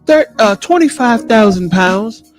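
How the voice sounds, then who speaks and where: Chirpy male English recruiter on a cold call, put on by a man, high and salesy, mock English accent. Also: lively intonation, a little slow, music in the background.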